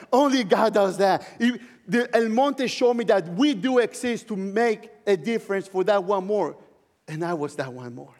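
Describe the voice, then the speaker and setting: A male pastor with a notably high voice delivers an expressive, heartfelt sermon at a measured pace, weaving in his own personal testimony with occasional soft laughs. His words ring out through the long reverb of a large church hall.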